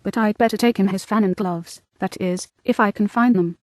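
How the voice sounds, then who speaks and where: A woman voices a polite, curious young girl in a storybook, sounding earnest and eager. Her mid-range voice has a darkish tone and a moderate pace, close to how she'd normally talk, in a dry, studio-quality recording.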